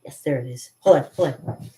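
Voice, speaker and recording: A woman's voice: low voice, mellow, roomy sound, slight background noise. A woman vlogging about cartooning in a chatty, giggly way, reading her own poetry aloud with theatrical drama.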